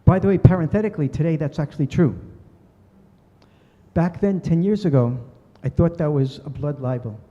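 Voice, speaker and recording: Here an older man speaks a little high at normal speed with a dark tone. Giving a talk, he earnestly narrates a story and imitates the people in it, while the reverberant synagogue hall and dull recording color the sound.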